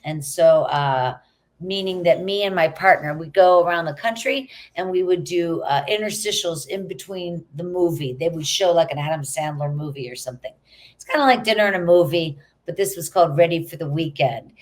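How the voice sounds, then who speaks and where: A woman's voice: on the low side, moderate pace. A middle-aged actress, a woman, chatting casually as a guest and laughing easily. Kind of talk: casual interview chat.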